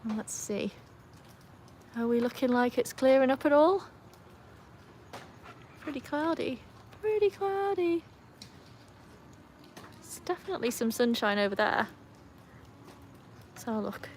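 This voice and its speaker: An English woman hosts a casual live stream on her phone beside a backyard pool in the rain, greeting viewers and playfully telling off her dogs. Her voice is a little high and mellow, at a moderate pace with frequent pauses, and there's faint rain, outdoor ambience and slight background noise.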